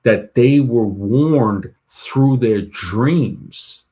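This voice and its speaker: A man's voice: medium pitch, extremely slow, warm tone. A man telling long personal stories in a casual chat, rambling with many restarts and retold dialogue. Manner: rambling, full of restarts and "she goes" retellings.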